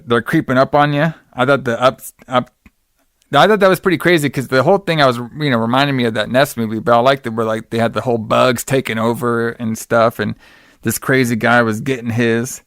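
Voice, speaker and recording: A man's voice: mid-range voice, a bit bright, smooth, no room sound, clean studio sound. A man hosting a podcast, recapping a horror movie in casual, rambling, slangy chat and acting out quotes in exaggerated voices. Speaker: podcast host.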